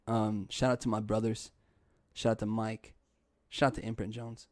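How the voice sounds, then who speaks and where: A man's voice: lowish voice, flat delivery, unhurried, a little mellow, dry recording, clean studio sound. A young man hosting a podcast, telling a story in a loose casual style, laughing often and dropping swear words. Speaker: podcast host.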